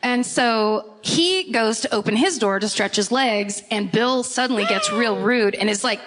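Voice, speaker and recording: A woman's voice: medium pitch, unhurried, hardly any pauses, fairly bright tone. An American woman co-hosting a comedy podcast, telling a story with lots of swearing and laughs mid-sentence. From United States. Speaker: podcast co-host. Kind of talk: comedic storytelling before a live audience.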